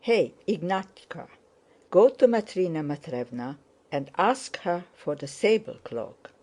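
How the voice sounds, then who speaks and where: A woman's voice: fairly low pitch, big pitch swings. A woman reading the lines of a bold, scheming young man who barks orders at servants. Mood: commanding. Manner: brisk, commanding, shouts at servants.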